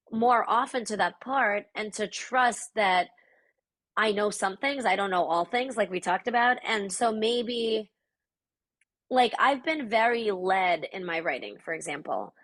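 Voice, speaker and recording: In a reflective podcast interview, this guest, a Russian-speaking woman from the Soviet Union, talks in a thoughtful, searching way. Her voice sits at medium pitch with a fairly bright tone.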